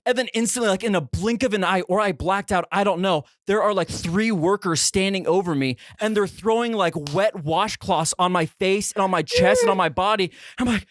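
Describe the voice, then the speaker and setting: A young man co-hosting a podcast, telling a story in a casual, animated way and acting out his own reactions. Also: normal speed, hardly any pauses, no echo, studio quality. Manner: animated, re-enacts his own reactions with big pitch jumps. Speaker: podcast co-host.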